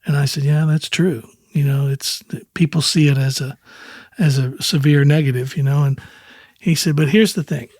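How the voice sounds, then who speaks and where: A man in his sixties talks as an interview guest, winding through anecdotes and acting out what others said with easy chuckles. His voice sits a little high for a man. The sound is dry and close. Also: normal speed, dry recording. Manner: relaxed, rambling anecdotes with quoted dialogue and chuckles. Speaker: guest, country singer. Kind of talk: casual storytelling in an interview.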